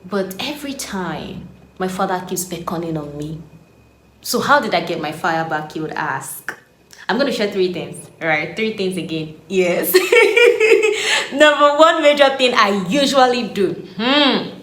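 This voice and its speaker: A woman in her late twenties, an animated faith vlogger who laughs often as she shares her story. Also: mid-range voice, measured pace. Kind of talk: casual devotional vlog. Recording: echoey room, faint background hum.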